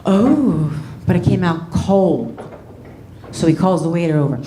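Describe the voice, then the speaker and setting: Young woman comic, loud and brash, bouncy voice, roomy club sound. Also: lowish voice, moderate pace. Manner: brash, swearing, animated storytelling. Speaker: stand-up comedian. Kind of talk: stand-up comedy set. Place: comedy club stage.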